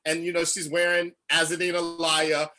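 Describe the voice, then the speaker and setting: Male author, Chicago-raised, virtual book talk, emotional storyteller with a bright, high voice. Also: moderate pace. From Chicago, United States. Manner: animated storytelling, acts out quotes; emotional, near tears. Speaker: author, interview guest.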